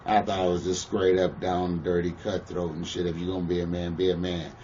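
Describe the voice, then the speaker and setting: Low-ish guy cussin hard, blunt as hell, mic kinda far off w faint hiss. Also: level tone, brisk, mellow, dull audio. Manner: blunt, profane, keeps asking "you know what I'm saying". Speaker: pro wrestler interviewee. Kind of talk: shoot interview, casual storytelling.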